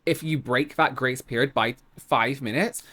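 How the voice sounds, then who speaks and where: A woman's voice: rumbling low, measured pace, fairly bright tone. A woman with an English accent hosting a reaction video, commenting in a sarcastic, exasperated way.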